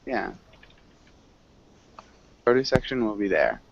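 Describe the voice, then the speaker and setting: A man teaching an online English class, encouraging his students, laughing often and correcting them slowly. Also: fairly low pitch, sing-song, gravelly, breathy edge, lo-fi sound.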